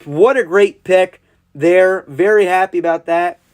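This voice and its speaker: Excitable high-voiced man reacting live. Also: measured pace. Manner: excitable, emotional, repeats himself. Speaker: live draft commentator.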